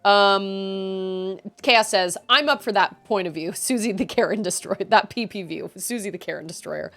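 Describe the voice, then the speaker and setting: A woman's voice: mid-range voice, moderate pace, fairly bright tone, faint music behind. A woman streaming a game, venting in casual chat to her viewers, rambling with frequent restarts. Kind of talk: casual chat while gaming.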